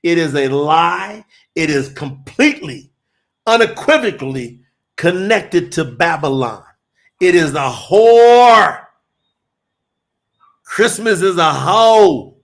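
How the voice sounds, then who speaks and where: Gravelly shouting livestream preacher man. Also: a little high, lively intonation, slow, long pauses. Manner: shouts and drawls, reads chat aloud.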